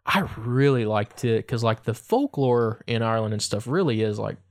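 A young man co-hosting a podcast, chatting casually in an animated, rambling way with lots of restarts. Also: on the low side, normal speed. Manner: animated, rambling, trying on accents. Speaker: podcast co-host. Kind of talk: casual chat.

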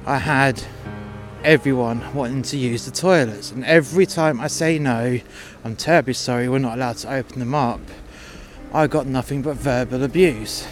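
A man hosting a podcast, telling a story in an indignant, sweary rant. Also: mid-range voice. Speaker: podcast host. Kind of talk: storytelling monologue.

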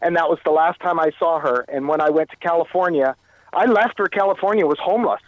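A Canadian man tells his story as a guest in an interview, halting and often circling back to repeat himself. His voice sits a little high for a man. It comes over a dull, muffled line with no room sound around it. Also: no echo. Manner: halting, repeats and restarts phrases. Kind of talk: telling a personal story in an interview.

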